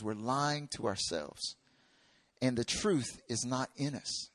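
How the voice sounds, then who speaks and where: A man's voice: medium pitch, slow pace, a bit bright, dry recording. A man preaching a sermon in a conversational way, acting out little dialogues.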